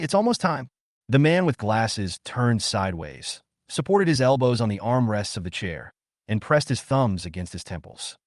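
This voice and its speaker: A man narrating a comic story as a steady, scripted read. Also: fairly low pitch, no room sound, clean studio sound.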